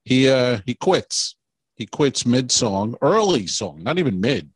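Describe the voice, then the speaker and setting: A man's voice: mid-range voice, very animated, measured pace, husky, no room sound. A man co-hosting a podcast in casual chat, rambling through stories and laughing as he tells them. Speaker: podcast co-host.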